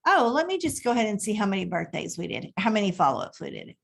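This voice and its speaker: A woman giving a chatty, animated live training talk on her phone, thinking aloud as she types. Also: mid-range voice, fast talker, gravelly. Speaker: direct sales team leader.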